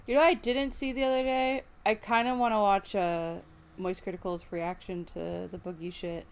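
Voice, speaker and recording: A woman's voice: mid-range voice, level tone, moderate pace, smooth. A woman streamer on a live stream, swearing constantly and breaking into angry outbursts as she plays. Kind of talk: live stream gaming and reacting.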